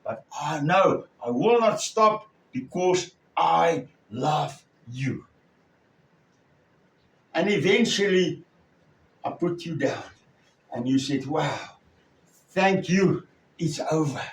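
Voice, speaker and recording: Slow, halting male preacher. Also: on the high side, lively intonation, gravelly, a bit bright. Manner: slow, halting delivery with many pauses. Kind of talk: sermon storytelling. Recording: echoey room, far from the mic.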